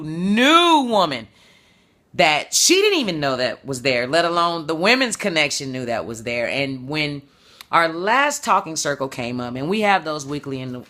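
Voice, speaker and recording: A woman's voice: deep voice, bright, forceful tone. A woman entrepreneur talking to camera in a passionate, motivational monologue, repeating words for emphasis. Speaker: vlogger and entrepreneur.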